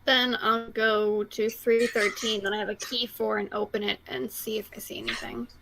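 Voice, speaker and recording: A woman playing a tabletop game, talking quickly and casually. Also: on the high side, flat delivery, gravelly, a bit bright, a little hiss or hum, poor audio. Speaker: player.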